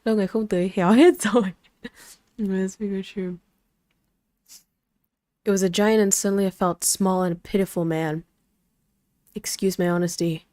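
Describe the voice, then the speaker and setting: A woman's voice: mid-range voice, steady tone, normal speed, pauses often, mellow, no echo, clean studio sound. A young woman streaming a game live, chatting casually with her chat and reading story text aloud in a playful, talkative way. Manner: chatty, switches languages, greets chat playfully. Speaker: vtuber streamer.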